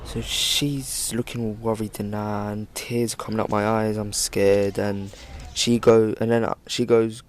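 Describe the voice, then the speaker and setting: Low-voiced young man rambling a story. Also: little pitch movement, unhurried, slight background noise. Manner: rambling, filler-heavy "like" delivery. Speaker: vlogger. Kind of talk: storytime vlog.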